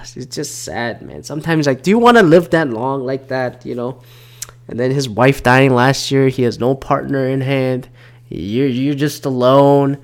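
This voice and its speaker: Host, thirties, male; loose and profane, rambling talk with many fillers. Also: mid-range voice. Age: 30s. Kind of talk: casual solo commentary.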